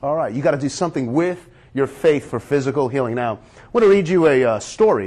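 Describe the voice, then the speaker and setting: A man's voice: mid-range voice, animated, quick pace, darkish tone. An earnest man delivers a sermon. His talk is conversational and direct, and he often turns to his listeners with a question. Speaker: preacher. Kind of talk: sermon with a read-aloud story.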